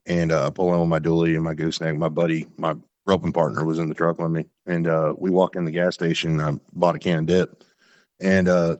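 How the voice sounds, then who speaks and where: Deep-voiced man telling stories. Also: no room sound. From Texas. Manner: animated, profane storyteller. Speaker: podcast guest, construction business owner. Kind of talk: casual storytelling chat.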